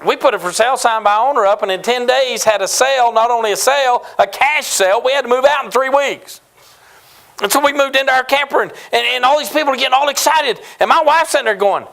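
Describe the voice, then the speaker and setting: A pastor in his fifties from New Mexico preaches with a notably high voice. He tells his points as folksy, humorous stories from his own life. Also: lively intonation, fairly quick, creaky, fairly bright tone. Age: 50s. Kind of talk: sermon.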